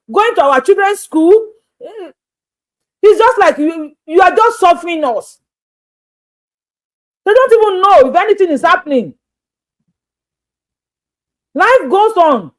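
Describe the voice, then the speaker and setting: A Nigerian woman making an impassioned plea to camera, begging repeatedly and shifting between rapid talk and slow, drawn-out appeals. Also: very high voice. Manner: pleading, begging, repetitive. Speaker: social media creator.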